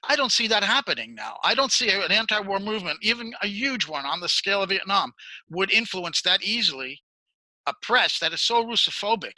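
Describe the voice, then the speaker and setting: A man's voice: sits high, lively intonation, a little fast, bright, forceful tone, no echo, poor audio. A man interviewing a guest, asking long, earnest multi-part questions. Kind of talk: political interview.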